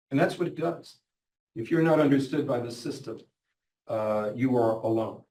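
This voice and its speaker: A man's voice: mid-range voice, normal speed, darkish tone. A middle-aged man giving a lecture, earnestly retelling patients' stories in their own words. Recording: echoey hall, mic at a distance, faint noise.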